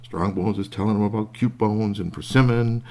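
A man telling a children's tale in a folksy, animated way. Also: on the low side, normal speed. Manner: lively, folksy, puts on voices for animals. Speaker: storyteller. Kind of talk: oral storytelling.

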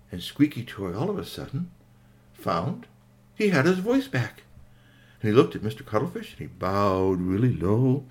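An older man telling a bedtime story to children, animated, with playful sound effects. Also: on the low side, moderate pace.

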